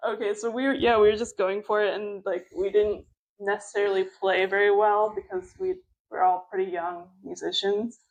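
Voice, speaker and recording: A woman's voice: mid-range voice, fairly even intonation, moderate pace, poor audio. A woman telling a story in a casual chat, rambling with lots of fillers and laughter. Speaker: podcast co-host.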